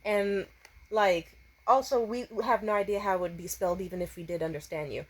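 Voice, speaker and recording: A young woman rants her way through a personal story in a loose, casual vlog voice. She swears constantly and stays animated throughout. She slips into exaggerated voices whenever she quotes someone. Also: mid-range voice, brisk, husky. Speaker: storytime vlogger.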